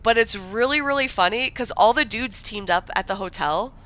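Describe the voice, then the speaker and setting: A woman's voice: on the high side, moderate pace, a bit bright, dull audio. A young woman from the American Midwest chatting casually on a livestream, rambling with lots of fillers and restarts. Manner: rambling, filler-heavy, many likes and restarts.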